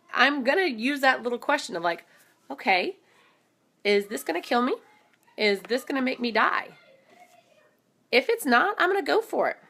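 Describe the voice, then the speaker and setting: A woman in her thirties with a somewhat high voice gives a casual motivational talk to camera. She is animated and enthusiastic and keeps calling out to her viewers as "guys". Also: gravelly. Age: 30s. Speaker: motivational vlogger.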